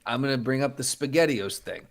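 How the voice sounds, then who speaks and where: A man's voice: mid-range voice, brisk, vocal fry. A man co-hosting a podcast in casual chat, asking prodding questions and retelling his co-host's stories. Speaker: podcast co-host.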